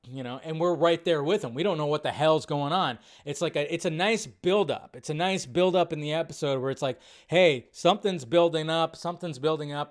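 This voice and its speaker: A man giving a casual spoken review of a TV episode, animated and loose, cursing and acting out his own reactions. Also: on the high side. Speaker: film review vlogger.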